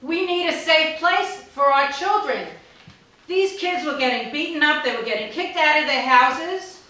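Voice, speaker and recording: A woman in her sixties from New York, telling stand-up stories in a blunt, deadpan way and swearing freely. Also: high voice, measured pace. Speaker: stand-up comedian. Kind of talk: stand-up storytelling. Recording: very echoey hall, distant mic, faint noise.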